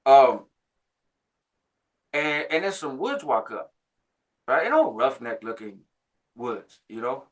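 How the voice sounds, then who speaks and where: A man in his forties casually telling a story about his past, jumping higher in pitch when he acts out what others said. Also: takes it slowly, long pauses. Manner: animated, jumps higher when quoting others; laughs between phrases, frequent "right?". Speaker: channel host recounting prison life.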